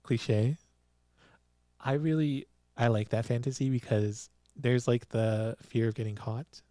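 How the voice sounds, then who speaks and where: Man, podcast host, casual drama recap, laughs a lot, mellow, dry close mic. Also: mid-range voice, unhurried, no echo. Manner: giggly, animated storytelling with frequent laughs. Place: small studio with a producer present.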